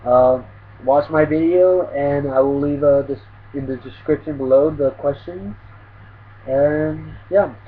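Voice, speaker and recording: A man's voice: on the high side, phone-quality sound, a little hiss or hum. A man casually chatting through an anime tag video as a vlogger, rambling with lots of fillers.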